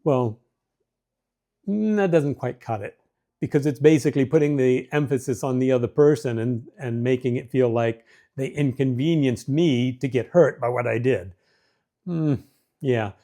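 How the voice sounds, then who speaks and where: A man's voice: medium pitch, normal speed, mellow. Earnest man hosting marriage advice. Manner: earnest, folksy, self-deprecating, with restarts and acted-out quotes. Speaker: host of a marriage advice show. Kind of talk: casual talking-to-camera advice.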